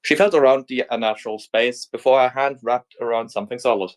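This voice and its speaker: A man's voice: medium pitch, fairly even intonation, brisk. Man casually reading a fan story aloud. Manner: reading aloud with small slips and restarts. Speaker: fanfic reader. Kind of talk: casual read-aloud narration.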